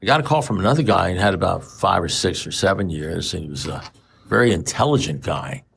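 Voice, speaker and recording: A man's voice: deep voice, animated, brisk, creaky, a bit bright, slightly rough. Wry rambling man at a recovery meeting. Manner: rambling, wry, self-mocking humor. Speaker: AA speaker sharing his story. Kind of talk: storytelling share at a recovery meeting.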